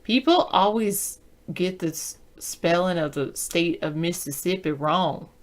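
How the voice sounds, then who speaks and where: A woman's voice: fairly low pitch, unhurried. A woman from the Southern United States chatting casually on a video call, telling rambling stories and spelling words out letter by letter. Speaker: video chat participant. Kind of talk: casual chat.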